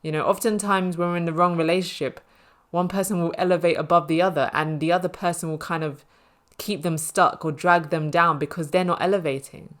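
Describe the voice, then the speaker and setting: Chatty low-voiced woman tarot reader. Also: steady tone, fairly quick. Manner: chatty, reassuring, frequent "you know" fillers. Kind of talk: casual spoken tarot reading.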